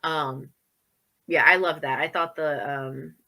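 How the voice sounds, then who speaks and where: Deep-voiced and slow, this woman co-hosts a horror podcast, her tone sharp and her intonation fairly even. She chats casually about movies, sprinkling in many fillers and laughing a lot.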